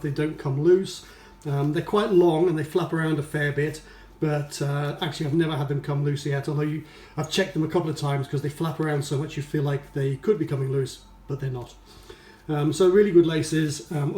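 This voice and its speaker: A man's voice: fairly high pitch, mellow. A man with a slight Geordie accent giving a casual, chatty review of a running shoe, full of fillers and restarts. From North East England. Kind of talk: casual spoken product review. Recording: roomy echo.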